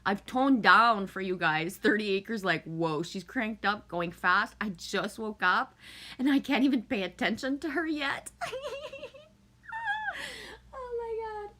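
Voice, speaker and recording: A woman's voice: a little high, big pitch swings, unhurried, long pauses, bright, forceful tone. A middle-aged woman from Canada chatting casually on a livestream, chipper and profane, laughing often and greeting viewers by name. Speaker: livestream host.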